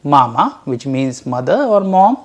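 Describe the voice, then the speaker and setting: Slow, careful male language teacher. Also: medium pitch, big pitch swings. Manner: slow, careful syllable-by-syllable drilling; addresses "dear learners". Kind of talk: recorded lecture.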